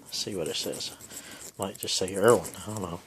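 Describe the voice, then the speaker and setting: A man's voice: low voice, a little fast, slight background noise. A man, rambling in a folksy way with lots of ums while he films a repair in his home garage. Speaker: home mechanic filming a repair. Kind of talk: casual how-to vlog.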